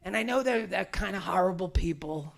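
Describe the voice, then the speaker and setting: Blunt, dry older New York aunt, done by a woman comic, matter-of-fact delivery, a bit lower and quieter. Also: expressive, brisk, gravelly. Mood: confiding.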